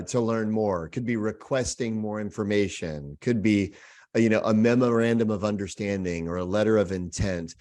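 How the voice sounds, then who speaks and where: A man as guest expert, explaining ideas in casual talk and acting out little scenes with quick character voices over a video call. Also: lowish voice, darkish tone.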